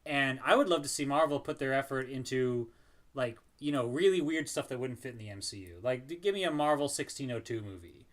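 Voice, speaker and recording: A man's voice: medium pitch, expressive, a little fast. A man co-hosting a podcast, rambling casually about a movie and laughing often. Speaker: podcast co-host. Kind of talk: casual movie review chat.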